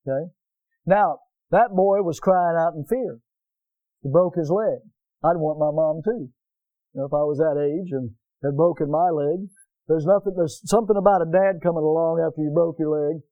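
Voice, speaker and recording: A male pastor delivers a sermon with a folksy, emphatic manner, swinging from loud exclamations to low, slow stretches. His voice sits a little high yet sounds mellow, and the recording is dry and close. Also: dry recording, rough recording. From United States.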